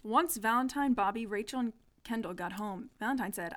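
A woman's voice: mid-range voice, a little fast, a bit bright. A young adult woman co-hosting a podcast, reading a story aloud and chatting in an amused way. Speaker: podcast co-host. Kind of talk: reading a childhood story aloud, casual chat.

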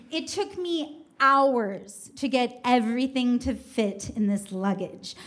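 A woman telling a first-person comic story in a wry, self-mocking way, building up the tension as she goes. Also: high-pitched.

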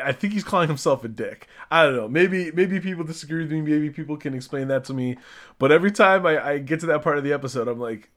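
A man hosting a podcast, casually reviewing a show episode, chatty and a little hesitant, often restarting his sentences. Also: medium pitch. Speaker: podcast host.

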